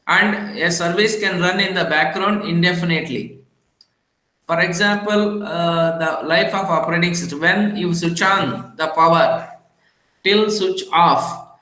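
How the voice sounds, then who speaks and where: A man from India giving a recorded revision lecture, talking haltingly with many fillers and restarts. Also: high voice, sharp tone, echoey room, poor audio.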